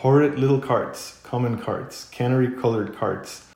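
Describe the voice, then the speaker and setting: A man's voice: mid-range voice, moderate pace, roomy sound, close to an everyday voice. A man doing a dreamy, besotted toad. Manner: dreamy monotone. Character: dreamy infatuated male toad, grandiose.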